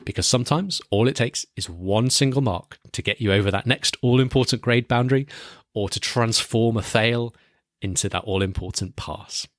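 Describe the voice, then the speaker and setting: A young man talks listeners through exam advice in an earnest, encouraging way. His voice sits at an ordinary middle pitch. The sound is dry and close, with no room around it. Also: moderate pace, no echo. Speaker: podcast host and exam coach. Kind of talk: scripted podcast narration.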